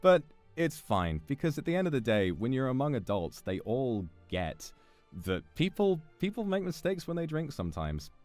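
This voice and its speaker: A man's voice: mid-range voice, sing-song, moderate pace, a little mellow, faint music behind. A young British man telling a story in a casual chat, often swearing and laughing as he goes. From Britain. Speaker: streamer.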